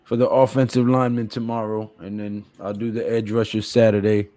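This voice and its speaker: A man's voice: on the low side, flat delivery, a little fast, warm tone. A young man hosting a casual sports livestream, signing off and thanking viewers in a laid-back way. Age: young adult. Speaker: host.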